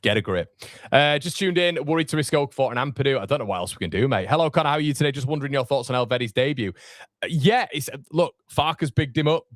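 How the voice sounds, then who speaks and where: A man's voice: mid-range voice, lively intonation, quick pace, no echo, studio quality. A man, hosting a fan watchalong live stream, chatting casually and rambling with fillers as he reads comments. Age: 30s. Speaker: fan channel watchalong host.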